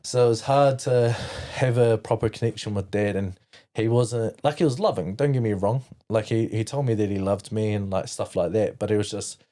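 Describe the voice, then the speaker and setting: A man's voice: lowish voice, normal speed, warm tone. A man from New Zealand as a podcast guest, telling his own story candidly, rambling with many "like" fillers and blunt swearing.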